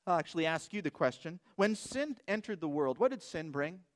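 A man's voice: fairly high pitch, expressive, brisk. A man preaching a sermon as pastor, emphatic and asking rhetorical questions.

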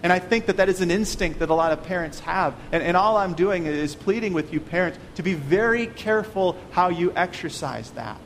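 A pastor with a high, expressive voice preaches a sermon a little quickly and with few pauses, sounding earnest and pleading. He often stumbles over repeated words. The recording has a long reverb and faint noise.

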